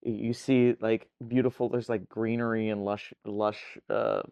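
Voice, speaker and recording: A man playing at a tabletop game, describing ideas in halting speech full of fillers. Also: lowish voice, little pitch movement, gravelly, dark tone, clean tone, no room sound, muffled recording. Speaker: player. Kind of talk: casual table talk.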